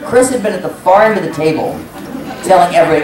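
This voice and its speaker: Man panelist, lively voice, story in an echoey hall, heard from a distance, crowd and noise behind. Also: fairly high pitch, fast talker. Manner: rambling storyteller who acts out quotes. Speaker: convention panelist. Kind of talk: casual anecdote telling. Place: large convention hall with audience. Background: audience murmur and room noise.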